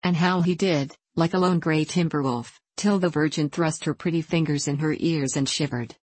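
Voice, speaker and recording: Low-voiced woman reading an old novel. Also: steady tone, normal speed, darkish tone, slightly rough, no echo. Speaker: audiobook narrator. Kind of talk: scripted narration.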